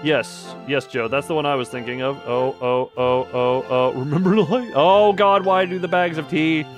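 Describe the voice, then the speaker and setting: A man streaming live, chatting casually while gaming, excitable and rambling with mild swearing and frequent laughs. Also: on the high side, normal speed, soft background music.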